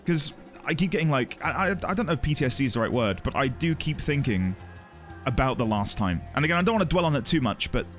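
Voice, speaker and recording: A man's voice: medium pitch, animated, quick pace, fairly bright tone, faint music behind. A man streaming live, chatting earnestly and emotionally with his audience and greeting viewers by name. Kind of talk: casual chat with a live audience.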